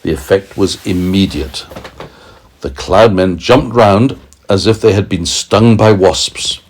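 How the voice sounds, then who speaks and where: A man reading a bedtime story aloud to a small child, expressive and gentle, pausing to explain words. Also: deep voice, slight background noise. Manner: slow, expressive, asides to a child.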